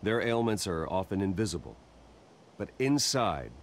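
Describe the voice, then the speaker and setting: An actor playing a calm, guarded wealthy young heir, speaking in a measured, earnest way. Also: male voice, low-pitched, a little hiss or hum. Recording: game audio with faint music.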